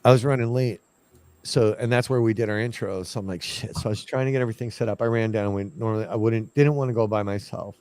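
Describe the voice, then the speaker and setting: A man with a low-leaning voice talks fast as he casually tells a ghost story from his investigations. He's animated, acting out his own past lines and what others said.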